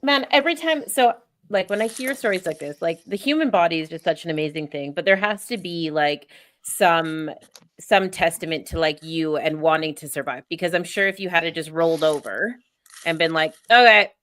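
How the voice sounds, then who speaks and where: A woman hosting a podcast, chatting casually and relaxed, with lots of "like" fillers. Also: low voice, normal speed. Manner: relaxed, filler-heavy, says "like" a lot. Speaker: podcast host. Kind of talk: casual chat.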